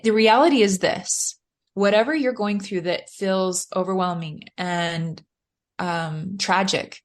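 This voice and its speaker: A woman's voice: mid-range voice, takes it slowly. A middle-aged woman, a motivational speaker, giving earnest and encouraging advice as a guest in a podcast interview.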